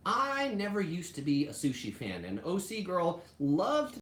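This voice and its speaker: A woman's voice: on the low side, huge pitch swings, unhurried, echoey room. A woman hosting a casual live stream about food, chatty and full of "like" fillers. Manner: chatty, heavy use of "like" fillers. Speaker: travel channel host.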